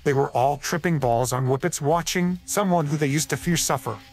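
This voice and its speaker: A man's AI-cloned voice giving deadpan scripted storybook narration full of crude jokes. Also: on the high side, normal speed, faint music behind.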